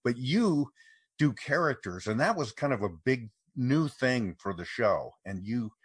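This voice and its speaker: A man hosting a casual conversation, reflective and soft-spoken. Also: mid-range voice, expressive, measured pace, husky. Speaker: host.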